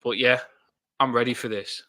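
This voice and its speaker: A man co-hosting a fan football channel, chatting casually with jokey, excitable banter. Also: medium pitch, normal speed, dry recording.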